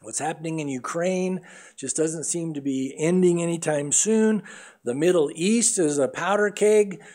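Middle-aged male pastor, earnest sermon delivery, higher-pitched voice. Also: a little slow, darkish tone. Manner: earnest preaching, acts out voices in anecdotes.

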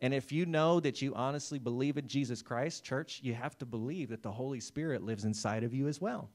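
A male pastor preaching a sermon in a relaxed, conversational way, calling out listeners by name and checking in with "right?" and "amen.". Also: mid-range voice, fairly quick. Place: church service.

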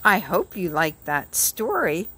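A woman reading a children's book aloud in a slow, expressive storytelling manner. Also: fairly low pitch, husky.

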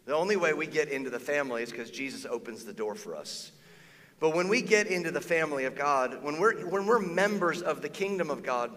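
A male pastor preaching in a casual, animated way, his fairly high voice bright and forceful. The sound carries a long reverb from a large church auditorium. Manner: conversational and animated, acting out quoted voices. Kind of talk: sermon.

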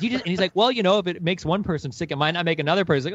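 A man co-hosting a podcast, telling profane stories in casual chat and breaking into animated outbursts. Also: a little high, rapid-fire, few pauses, dull audio. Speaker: podcast co-host.

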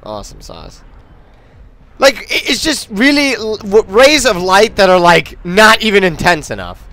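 A man's voice: sits high, sing-song, measured pace, pushed and bright, dry recording. A man commentating on his gameplay in a casual, frustrated and sarcastic way, swearing often. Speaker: let's play commentator.

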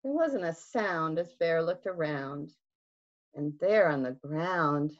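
Sing-song librarian reading a picture book. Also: female voice, sits low, slow, muffled recording. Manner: expressive, sing-song, with gasps and questions to children. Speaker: children's librarian. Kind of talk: reading a picture book aloud to young children.

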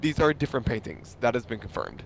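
A man talking hoarsely through a sore throat, chatting in halting bits while playing a video game with a friend. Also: mid-range voice, animated, highs cut off. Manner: halting, restarts words, laughs often. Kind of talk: casual gameplay chat.

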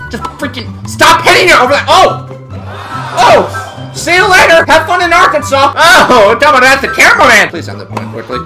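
Gaming host, let's-play commentary, animated swings in pitch, loud game music underneath, yells at the screen. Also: a little fast.

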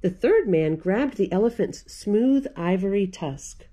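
Animated woman reading a storybook aloud. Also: mid-range voice, measured pace. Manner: animated, playful, laughs often. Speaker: children's librarian. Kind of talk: reading a picture book aloud to children.

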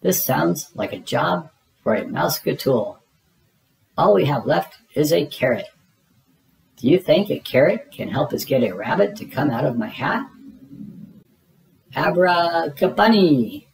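A reader narrating children's picture books aloud in a lively storybook manner. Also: medium pitch, creaky, a little hiss or hum, low-quality recording. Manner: slow, lively storybook reading.

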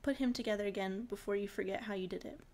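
A blustering, greedy father from a spoken storybook, barking orders and scheming out loud, as a woman reader puts him on. His voice sits at an ordinary middle pitch, kept close to a plain reading voice. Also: quick pace, close to an everyday voice. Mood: greedy excited. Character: gruff greedy middle-aged father, a scavenger.

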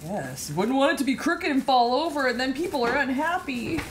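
A fairly high-pitched woman with a very lively, bouncing voice chats playfully as she bakes in her home kitchen. She reads the instructions aloud and jokes about them. The live-stream audio carries a clear layer of noise. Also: normal speed, low-quality recording. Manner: playful, joking, narrates the steps. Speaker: baking stream host. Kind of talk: casual chat while baking.

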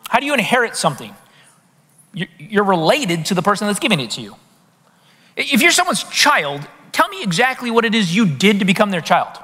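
A man preaching a sermon to a congregation in a lively way, often putting rhetorical questions to the room. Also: sits high, brisk, breathy edge. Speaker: pastor. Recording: long reverb of a large hall.

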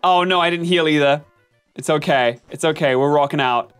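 A man streaming gameplay commentary, chatting with his viewers in an animated, self-mocking and melodramatic way. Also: a little high, normal speed, clear, resonant tone, soft background music. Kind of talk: live-stream gameplay commentary, reading chat.

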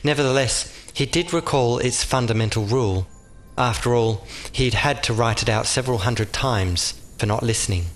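A man giving scripted audiobook narration in a measured, vivid storytelling manner. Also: medium pitch, faint music behind.

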